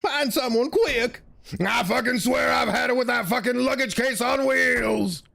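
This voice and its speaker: A man's voice: very high voice, a little slow, gravelly, pushed and bright, pitched above the performer's own voice, full character voice. A man voicing a furious young woman in a game, screaming insults in a raised voice. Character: furious young woman, foul-mouthed and shouting.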